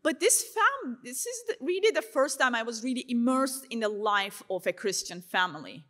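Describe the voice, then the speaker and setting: A woman tells her life story to a crowd at a conference. Her voice sits a little on the high side, and she talks freely, filling her sentences with "you know" and "like". She acts out her own past thoughts as quick little asides. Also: big pitch swings, fairly bright tone. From Turkey. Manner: frequent fillers like "you know" and "like". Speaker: speaker sharing her faith testimony. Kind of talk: conference talk to a live audience.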